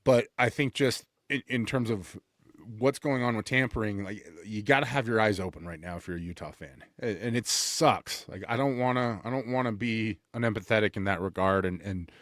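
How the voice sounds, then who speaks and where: A man's voice: on the low side, normal speed, fairly bright tone, no room sound, clean studio sound. A man co-hosting a sports podcast, talking in an earnest, opinionated way that stumbles over restarts and repeated words as he makes his points. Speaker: podcast co-host. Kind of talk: casual sports chat.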